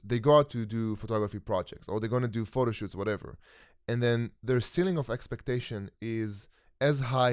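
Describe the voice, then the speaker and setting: A man's voice: medium pitch, darkish tone, no echo, studio quality. A young man hosting a podcast interview, enthusiastically restating his guest's points in casual chat. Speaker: podcast host.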